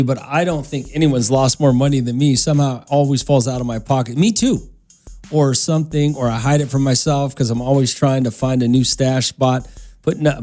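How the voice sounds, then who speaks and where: A middle-aged man hosting a morning radio show, telling stories in a relaxed, laughing way. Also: medium pitch. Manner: laid-back, storytelling, laughs often. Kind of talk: casual radio talk.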